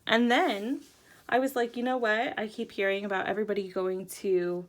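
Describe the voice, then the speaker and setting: A young adult woman hosting a casual show-and-tell video, excitable and giggly, her voice jumping up high when she's thrilled. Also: moderate pace. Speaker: host.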